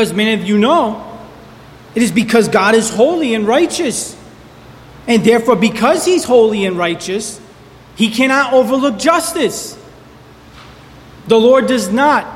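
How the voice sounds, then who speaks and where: A man's voice: sits high, long reverb tail. A man preaching a sermon, emphatic and repeating key words for stress. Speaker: pastor.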